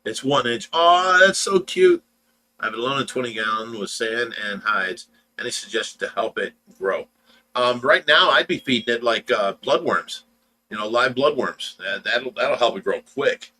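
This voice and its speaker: A man's voice: medium pitch, expressive, moderate pace, bright, forceful tone, a little hiss or hum, low-quality recording. Teasing man hosting a fish livestream. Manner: easygoing, teasing, reads chat comments aloud. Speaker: livestream co-host. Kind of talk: casual livestream chat.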